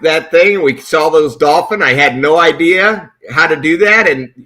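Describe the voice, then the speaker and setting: A man's voice: fairly high pitch, measured pace, sharp tone. A middle-aged man and sportfishing captain, chatting casually and restarting his sentences often. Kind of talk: casual chat.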